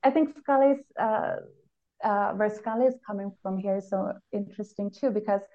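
A woman's voice: mid-range voice, warm tone. Thoughtful woman, slightly muffled. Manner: reflective, analytical, halting with pauses. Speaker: podcast co-host. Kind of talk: casual chat.

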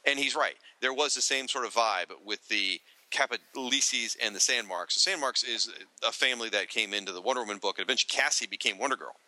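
A man's voice: medium pitch, fast talker, few pauses, pushed and bright, no room sound, poor audio. A man co-hosting a podcast, reading listener feedback aloud with joking asides to the listeners. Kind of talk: casual podcast chat.

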